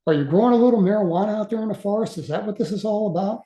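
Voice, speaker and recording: A sly, menacing Air Force major leans in with pressing questions, as a man in his sixties quotes him. The voice is mellow and dark. It sits in a roomy echo. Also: high-pitched, rapid-fire, voice pushed up, close to an everyday voice.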